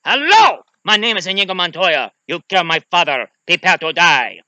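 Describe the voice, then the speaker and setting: A vengeful swordsman hurls his vow again and again, as a man acts him out, the voice climbing high and strained. It lands bright and cutting in a dry, close sound with no room around it. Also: big pitch swings, moderate pace, no echo, full character voice. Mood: vengeful, shouting. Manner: repeats a vow, rising higher each time.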